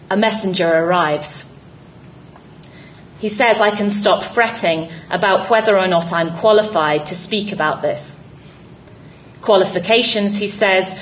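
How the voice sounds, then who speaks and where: A woman reading a scripted essay narration in a measured, reflective way. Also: mid-range voice, a little hiss or hum, poor audio.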